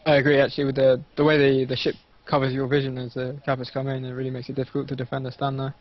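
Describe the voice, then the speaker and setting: A man hosting a casual online game cast, quick and polite, full of fillers and restarts, heard over a voice call. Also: mid-range voice, monotone. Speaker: shoutcaster host. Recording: muffled lo-fi voice call.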